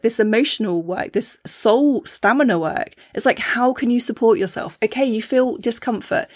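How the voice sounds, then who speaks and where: A woman's voice: mid-range voice, no echo, studio quality. Upbeat woman podcast host. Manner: upbeat, acts out her inner voice with playful exclamations. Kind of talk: solo motivational talk.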